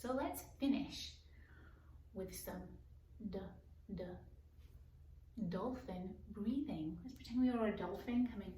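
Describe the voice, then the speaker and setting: A woman teaching a children's circle-time lesson, speaking in a slow sing-song voice and stretching out letter sounds. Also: mid-range voice, mellow, slight background noise. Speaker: preschool teacher. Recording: echoey room, voice from far off.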